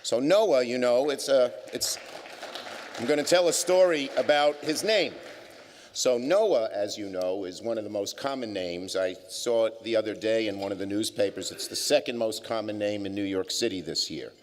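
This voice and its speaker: A man's voice: fairly low pitch, lively intonation, moderate pace, a little hiss or hum. An older man giving a public speech at a business forum, telling wry anecdotes with plenty of fillers. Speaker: keynote speaker. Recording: long hall reverb.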